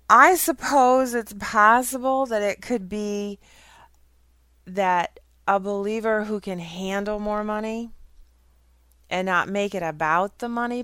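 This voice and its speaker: A middle-aged woman talks through a casual faith monologue in a smooth, resonant, slightly low voice. She is frank and chatty and laughs often. The sound is dry and close. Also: a bit bright, no room sound. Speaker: host of a faith and current events talk. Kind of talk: casual Christian commentary monologue.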